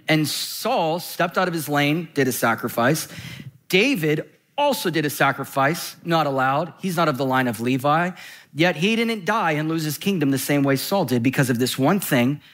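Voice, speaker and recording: A man preaching a sermon in a conversational, animated way, slowing down to read scripture and speeding up for quick asides. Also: fairly high pitch. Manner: animated, swings between slow scripture reading and quick asides; conversational, frequent "right?" and "like".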